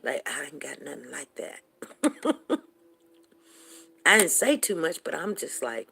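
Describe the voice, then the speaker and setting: A woman in her forties hosting a show, telling a long personal story to her viewers in a chatty, animated way with quick laughs. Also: low voice, gravelly, husky. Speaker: show host.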